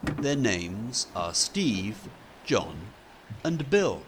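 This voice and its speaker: Very slow male storybook reader. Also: mid-range voice, very animated, slight background noise. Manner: slow, clear, simple phrasing. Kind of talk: storybook narration for English learners.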